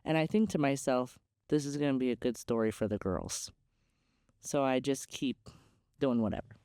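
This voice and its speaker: A woman's voice: extremely low pitch, normal speed, dark tone, no room sound, clean studio sound. A young adult woman hosting a podcast, telling a personal story in a candid, chatty way with many "like"s. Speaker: podcast host. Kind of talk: casual storytelling.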